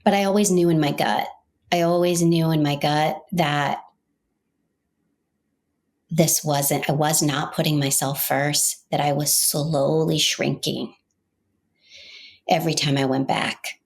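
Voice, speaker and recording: A middle-aged woman hosting a podcast shares her own story in a slow, unhurried way. Her voice sits low, with a gravelly edge. She speaks earnestly and reflectively, sometimes restarting a thought. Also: steady tone. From Maine, United States. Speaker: podcast host.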